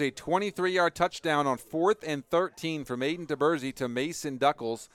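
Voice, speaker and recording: A man calling a football game play-by-play on radio, rising to excited shouts on big plays. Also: a little high, normal speed, few pauses, no room sound. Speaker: play-by-play announcer.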